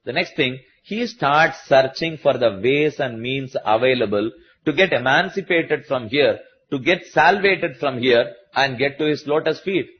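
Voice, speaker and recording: A man with an Indian English accent giving a slow, patient religious discourse to a listening audience, repeating key points as he explains. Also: mid-range voice, animated, husky, dull audio. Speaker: spiritual teacher.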